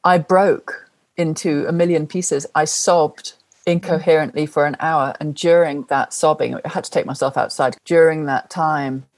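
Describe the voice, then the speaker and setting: A woman's voice: sits low, fairly even intonation, normal speed. A middle-aged woman speaking as an interview guest, telling a personal story earnestly and with heartfelt, emphatic repetition.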